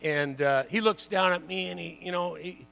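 A man in his sixties, a former pro hockey player, telling lively stories to an audience, full of "you know" and "like" and laughing at his own tales. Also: sits high, normal speed, creaky, rough recording. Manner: chatty, lots of "you know" and "like". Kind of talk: storytelling talk to an audience.

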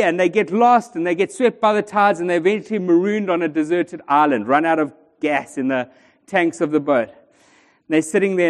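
A man preaching a sermon in a church, joking and bantering with the congregation. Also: high voice. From South Africa. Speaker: pastor. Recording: long church reverb.

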